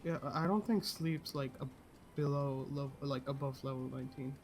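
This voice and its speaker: A man's voice: mid-range voice, fairly even intonation, normal speed, creaky, slight background noise. A young man, gaming and chatting bluntly, swearing casually as he gets confused. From India.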